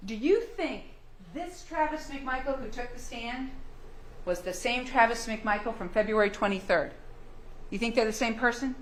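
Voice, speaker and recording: Woman, prosecutor, courtroom closing argument, emphatic rhetorical questions, slightly high voice, faint hum. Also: moderate pace, reverberant.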